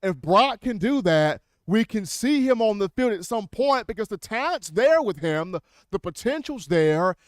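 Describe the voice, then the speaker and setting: A man hosting a sports call-in show, energetic and quick, taking callers with repeated catchphrases. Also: high-pitched, dry recording, studio quality.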